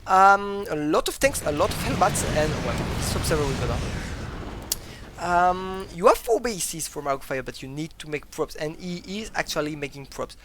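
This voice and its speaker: An esports caster giving live play-by-play commentary in non-native English, excitable and prone to sudden loud exclamations. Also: medium pitch, normal speed, a little hiss or hum. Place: broadcast booth.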